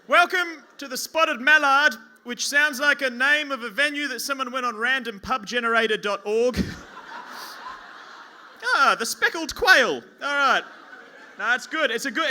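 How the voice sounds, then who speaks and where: A man's voice: extremely high pitch, sharp tone, slight background noise. An Australian man doing a stand-up comedy set on a pub stage, rambling and self-mocking with lots of stammering restarts. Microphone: stage mic at a lectern.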